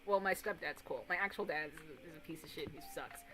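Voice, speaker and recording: A young woman in her twenties streaming casual chat, rambling and animated, swearing casually and breaking into excited impressions of others. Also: sits low, fast talker, faint music behind, low-quality recording.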